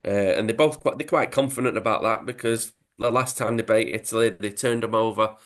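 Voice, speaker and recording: A man's voice: fairly low pitch, brisk, a bit bright. A British man hosting a podcast, retelling a comic story in a casual, rambling way with asides. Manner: rambling recap with fillers and asides. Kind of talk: casual chat.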